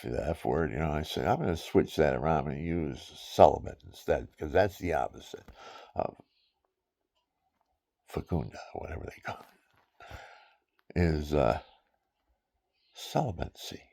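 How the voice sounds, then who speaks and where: A man's voice: rumbling low, animated, unhurried, gravelly, pauses often, darkish tone. A man in his seventies, a veteran, talking in a rambling, digressive way with chuckles at his own asides. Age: 70s. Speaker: veteran speaking his mind. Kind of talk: rambling casual monologue.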